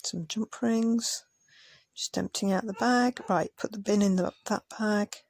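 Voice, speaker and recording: A woman's voice: mid-range voice, steady tone, a little slow, darkish tone, no echo. A tired woman chatting casually as a craft vlogger, muttering asides as she sorts things. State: tired, yawning. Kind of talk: casual commentary over sped-up footage.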